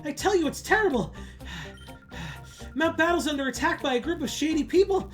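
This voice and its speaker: A woman's voice: sits high, lively intonation, normal speed, soft background music, pitched above the performer's own voice. A woman doing a breathless panicky running kid. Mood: panicked. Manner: frantic, out of breath.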